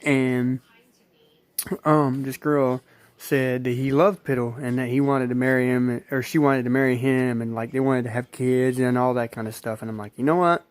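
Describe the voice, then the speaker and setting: A man's voice: mid-range voice, fairly even intonation, normal speed, no room sound. Rambling man telling a story. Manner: rambling, repetitive retelling with acted-out quotes. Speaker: vlogger. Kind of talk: casual storytelling.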